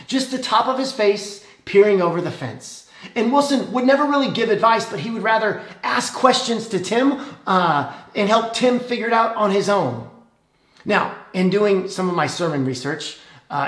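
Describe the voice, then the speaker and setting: A man's voice: high voice, fairly bright tone, roomy sound. A man, giving a casual, jokey sermon in a conversational way. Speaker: pastor.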